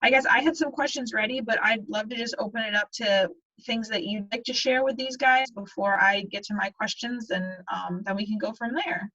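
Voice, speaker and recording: A woman moderating a student session over a video call, quick and informal as she hands over to the guest. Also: on the high side, fairly even intonation, pushed and bright, highs cut off.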